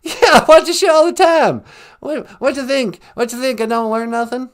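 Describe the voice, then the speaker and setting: A man's voice: very high voice, normal speed, vocal fry, pitched above the performer's own voice. A man voicing a laid-back, folksy Texan former president with a put-on drawl and slangy talk. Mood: teasing. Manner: drawling, slangy, calls people man and boy.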